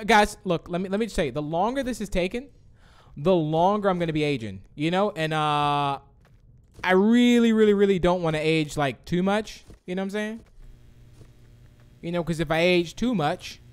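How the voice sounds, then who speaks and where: Upbeat male streamer, higher-pitched, voice bouncing all over, chatty live game commentary. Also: smooth. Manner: excitable, reads chat aloud, swings from shouts to mumbles. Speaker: livestream host.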